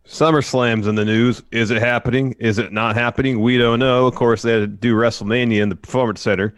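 A man's voice: medium pitch, fairly even intonation, a little fast, clean tone, dry recording, studio quality. A man co-hosting a casual news podcast who speaks wryly and skeptically, with frequent filler words. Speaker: podcast co-host. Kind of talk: casual wrestling news chat.

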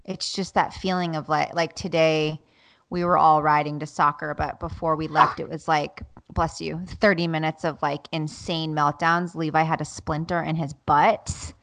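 Gravelly-voiced mom telling animated stories. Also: female voice, sits low, normal speed, no echo. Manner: animated storytelling, acts out her kids' voices. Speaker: podcast co-host. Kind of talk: casual chat.

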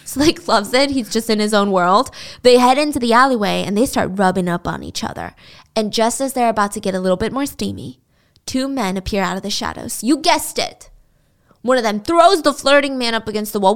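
A woman's voice: on the high side, lively intonation, fairly quick. A woman podcast host telling a story in a chatty, casual way. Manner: chatty, laughs while telling.

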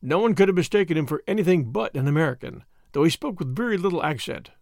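A man reading a novel aloud as a narrator, expressive and animated, on a close mic. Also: fairly high pitch, fast, creaky, few pauses, no echo. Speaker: audiobook narrator. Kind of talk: scripted narration.

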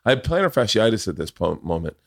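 A man's voice: fairly low pitch, fast talker, gravelly, no room sound, studio quality. A man hosting a podcast, telling a long story in casual chat, rambling with many restarts and plenty of swearing. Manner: rambling, profane, restarts often, gets loud and laughs when excited. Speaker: podcast host.

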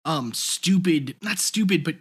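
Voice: medium pitch, expressive, measured pace, breathy edge. Explanatory podcast co-host leading the topic. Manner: explanatory, leads the topic, frequent "um" and "now, what's interesting". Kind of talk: casual podcast discussion.

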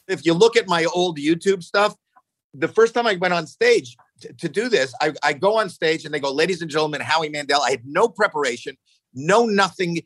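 Man in his 60s, lively storyteller. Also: fairly quick, dry recording, low-quality recording. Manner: animated, acts out quotes with jumps in pitch; swears casually, frequent restarts. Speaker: podcast guest. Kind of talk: casual storytelling chat.

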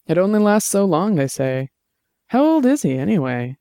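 A man's voice: sits high, sing-song, normal speed, dark tone, no room sound, clean studio sound, voice pushed up. A man voicing a wry, casual detective in an audiobook. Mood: rueful.

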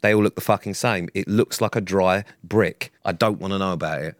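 A young man co-hosting a chat podcast, ranting and swearing freely. His voice sits a little low. The sound is dry and close, with no room around it. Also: fairly quick, no echo. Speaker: podcast co-host. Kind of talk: casual chat.

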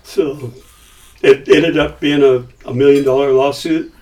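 A man's voice: mid-range voice, unhurried. A middle-aged man casually recounting a business story, acting out the quoted voices as he goes. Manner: animated, acts out quoted dialogue. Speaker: company founder telling a story. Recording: voice somewhat far from mic.

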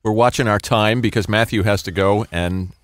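A man hosts a studio interview and keeps the questions moving in a relaxed way. His voice sits a little low. The recording is dry. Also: moderate pace, no room sound. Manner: easygoing, steering the questions. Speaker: host. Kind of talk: casual interview.

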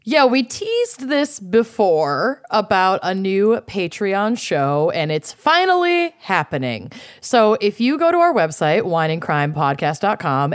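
A woman's voice: fairly low pitch, dry recording, studio quality. A woman co-hosting a podcast in casual chat, explaining a new bonus show with playful asides. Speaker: podcast co-host.

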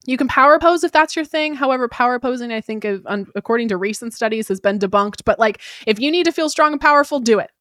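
A woman hosting an advice podcast, talking quickly and casually and often checking in with "right?". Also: a little high, animated, a bit bright, no echo, clean studio sound. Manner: quick, chatty delivery with frequent "right?" tag questions; fillers like "like" and "kinda". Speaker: podcast host giving job-interview advice.

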